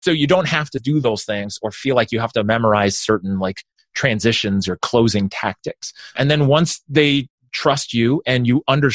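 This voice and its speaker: A man who is a sales consultant guest on a podcast interview, energetic and explaining with quick asides. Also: medium pitch, dry recording.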